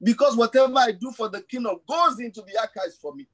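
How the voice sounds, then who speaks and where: A man's voice: very high-pitched, fast talker, a bit bright, poor audio. A pastor in his fifties preaching an emphatic sermon in church, repeating his refrains for force. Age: 50s.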